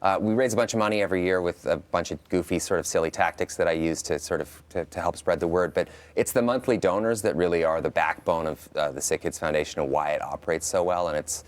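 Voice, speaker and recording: A man talking as a guest in a TV studio interview, reflective and halting with frequent restarts. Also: low voice.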